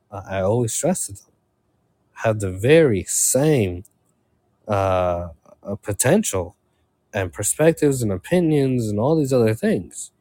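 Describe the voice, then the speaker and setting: A young man speaks as a guest, slowly and haltingly, often pausing on "like" and "right?". His voice sits at an ordinary pitch, and the sound is dry. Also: darkish tone, dry recording. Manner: slow, halting, full of "right?" and "like". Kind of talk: casual chat.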